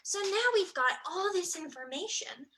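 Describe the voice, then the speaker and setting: A woman's voice: very high-pitched, expressive, normal speed, bright, forceful tone, poor audio. A young woman teaching a children's music lesson in a cheerful sing-song way, counting out rhythms and singing them for little ones to copy.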